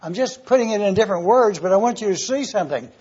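High-voiced, husky man teaching a sermon. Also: expressive, fast talker, darkish tone, lo-fi sound. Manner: emphatic, repeats key points, spells out Greek terms. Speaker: Bible teacher. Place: church or classroom with overhead projector.

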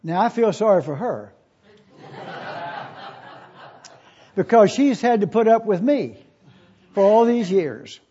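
An elderly male pastor preaches with a high, mellow voice. He reads scripture aloud and drives points home with slow, repeated questions, captured on a dull, lo-fi recording. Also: expressive. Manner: emphatic, repeats key questions slowly. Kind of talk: sermon.

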